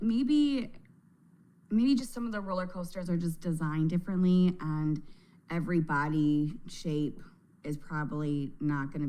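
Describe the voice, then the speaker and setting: A woman's voice: mid-range voice, a little mellow, low-quality recording. A woman hosting a casual reaction chat, a mother who laughs a lot and exclaims often as she talks. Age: adult mother. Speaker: reaction video host.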